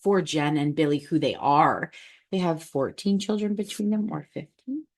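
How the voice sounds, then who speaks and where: A woman with a low voice hosts a podcast and offers gentle, reflective remarks. She speaks in an affirming, unhurried way. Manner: soft affirming murmurs, reflective. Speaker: podcast host. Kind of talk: interview podcast, warm reflective commentary.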